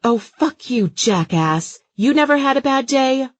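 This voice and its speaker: A man voicing a flustered, uptight middle-aged mother in an audiobook, high, fussy and shrill. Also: big pitch swings, a little slow, a little mellow, no echo, muffled recording, exaggerated voice. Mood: angry. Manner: high, fussy and shrill, sing-song at times. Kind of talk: audiobook character voice.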